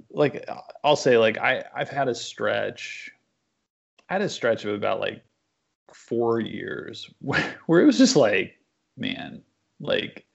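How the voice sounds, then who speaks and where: Podcast guest: man, gravelly voice, loose rambling delivery, dull recording. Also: mid-range voice. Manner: rambling storyteller with many fillers. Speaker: guest comic book writer. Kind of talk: casual podcast chat. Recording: dull lo-fi sound.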